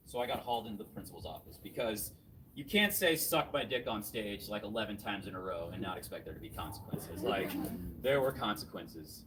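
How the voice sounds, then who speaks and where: A man's voice: on the low side, animated, fairly quick. Young man doing stand-up, laughing at himself. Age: 20s. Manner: laughs at his own jokes, swings loud and soft. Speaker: stand-up comedian. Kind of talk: stand-up set. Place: small comedy venue with audience. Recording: distant mic with crowd laughter. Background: audience laughing.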